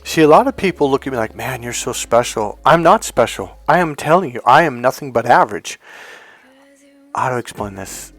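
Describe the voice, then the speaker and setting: Middle-aged male coach talking casually, acting out dialogue as he tells stories; mid-range pitch, light music bed. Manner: storytelling, acts out dialogue, animated asides. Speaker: NLP trainer and hypnotherapist. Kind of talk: casual motivational talk.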